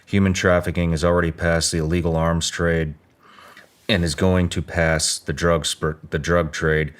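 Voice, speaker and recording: A male podcast host reading facts and asking direct, measured questions. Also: deep voice, little pitch movement.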